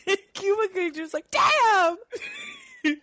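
A woman's voice: mid-range voice, lively intonation, normal speed. A young woman co-hosts a casual movie podcast, her voice bouncing up and down as she retells scenes. She laughs often and acts out the lines. The sound is dry and close, with no room echo. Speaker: podcast co-host. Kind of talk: casual chat recapping movie quotes.

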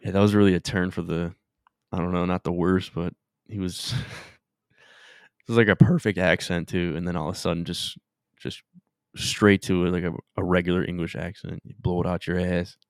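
A man's voice: sits low, level tone, moderate pace, vocal fry, no echo, studio quality. A man co-hosting a podcast, chatting casually and laughing often as he tells stories. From Michigan, USA. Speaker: podcast co-host. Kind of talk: casual chat.

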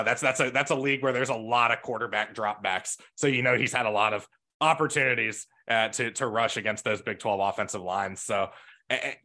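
Male co-host with a bright, forceful voice, easygoing and quick to laugh. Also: mid-range voice. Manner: chatty, laughs often, loose asides. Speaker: podcast co-host. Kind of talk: casual podcast chat.

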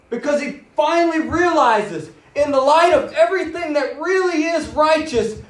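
Guy preaching, really high voice, kinda far from the mic in a roomy echoey space. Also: normal speed, hardly any pauses. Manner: animated, dramatic, acts out quoted speech. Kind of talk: sermon. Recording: roomy, voice from a distance.

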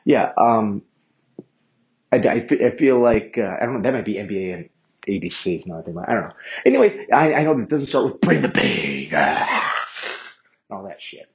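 A man's voice: on the low side, expressive, a little fast, a little mellow, poor audio. A man hosting a casual solo sports podcast, rambling, swearing freely and mocking himself as he goes. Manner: rambling, profane and self-mocking; chatty, with many fillers and restarts. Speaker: podcast host.

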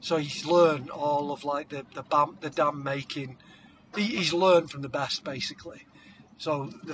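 A man with a high-pitched voice tells a comic story for a podcast. His tone is bright and sharp, and he keeps breaking into shouted voices and hummed tunes. A faint hiss sits behind him. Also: steady tone, normal speed. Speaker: podcast co-host.

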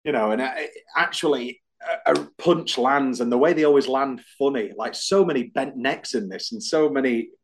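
A young man co-hosting a film review podcast, chatting casually and jokily in quick bursts. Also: medium pitch, a little hiss or hum. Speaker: podcast co-host.

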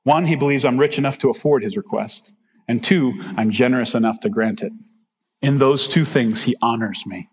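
A man doing a calm, generous king. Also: medium pitch, moderate pace, big-room sound, a little hiss or hum, pitched below the performer's own voice, close to an everyday voice. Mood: magnanimous.

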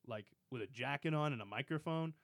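A man's voice: medium pitch, brisk, creaky, a bit bright, no room sound. A young man co-hosting a casual podcast in a studio, teasing and rambling with frequent laughs. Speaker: podcast co-host. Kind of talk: casual chat.

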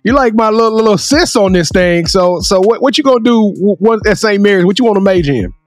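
A man's voice: sits high, expressive, fast talker. A man hosting a casual sports interview, playful and hyping up his guest, often repeating words as he talks. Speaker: host.

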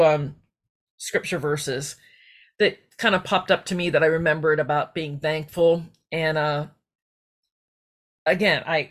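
A middle-aged woman hosting a faith-based personal podcast, talking in a heartfelt, rambling way that wanders off on tangents. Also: low-pitched. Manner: rambling, heartfelt, digressive, with restarts. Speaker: podcast host.

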